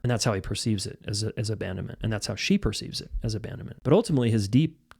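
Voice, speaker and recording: A man's voice: on the low side, darkish tone. A man giving relationship advice straight to camera, blunt and emphatic, talking casually with frequent restarts. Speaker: relationship coach. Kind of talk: direct-to-camera advice talk.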